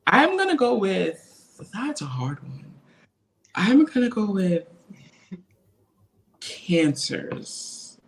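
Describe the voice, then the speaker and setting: A man talking casually as a guest in a video-call interview, animated and laughing often. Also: high-pitched, very slow, gravelly, pauses often. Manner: animated, laughs often, quotes others in acted voices. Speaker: interview guest, reality TV cast member.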